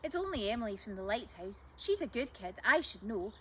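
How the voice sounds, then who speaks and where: A woman voicing a calm, kind young woman who speaks gently and reassuringly. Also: fairly high pitch, brisk, a little hiss or hum. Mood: kindly.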